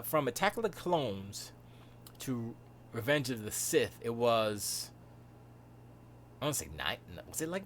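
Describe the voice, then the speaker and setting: A man's voice: mid-range voice, slight background noise. Rambling, joking man on a live stream. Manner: rambling, joking, trails off into laughter. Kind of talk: casual chat.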